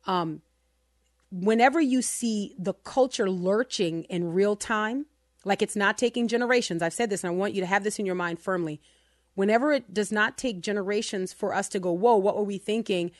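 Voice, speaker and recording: A woman's voice: mid-range voice, normal speed, dry recording. A woman hosts a Christian talk radio show, pressing her points with passion and feeling. Her voice sits in the middle of the range and sounds close and dry, with little room around it. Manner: passionate, emotional, emphatic.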